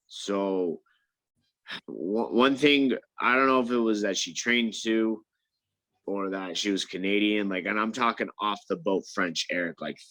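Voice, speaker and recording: A man telling a story in casual chat, animated and stammering, acting out the other people's lines. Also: fairly low pitch, measured pace, no room sound, poor audio. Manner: animated, acts out quoted voices, stammers and restarts. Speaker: MMA fighter guest.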